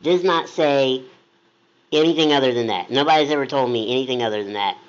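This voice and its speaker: A man co-hosting a casual chat, telling a story in an animated way and acting out quoted voices. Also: medium pitch, fairly quick. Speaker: blog co-host. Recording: dull lo-fi sound.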